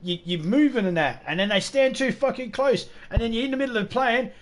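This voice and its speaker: A man's voice: very high-pitched, fairly quick. Swearing, joking middle-aged male streamer. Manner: joking, heavy swearing, rambling anecdotes. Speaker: game streamer. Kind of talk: casual live-stream chat.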